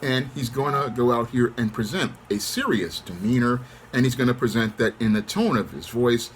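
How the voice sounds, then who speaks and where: A middle-aged man hosting his channel, speaking in a calm, controlled monologue. He keeps a measured tone and often repeats set phrases. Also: mid-range voice, a little hiss or hum. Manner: calm, controlled, even-toned delivery. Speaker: channel host. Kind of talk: monologue to camera.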